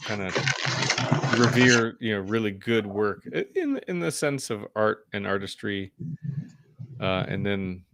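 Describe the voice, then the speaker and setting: A man co-hosting a podcast in casual chat, relaxed and thoughtful with some fillers. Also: on the low side, measured pace, a little hiss or hum. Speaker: podcast co-host.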